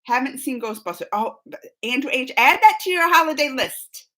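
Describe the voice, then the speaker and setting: A young woman with a high, bright voice hosts a live stream chat, reading viewer comments aloud at a fairly quick pace. She's excitable, laughing often and breaking into enthusiastic squeals.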